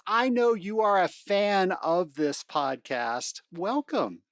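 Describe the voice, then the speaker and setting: A woman's voice: medium pitch, animated, a little slow, few pauses, dry recording, studio quality. A woman hosting a podcast interview, upbeat and playful, with big swings in her voice. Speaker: podcast host.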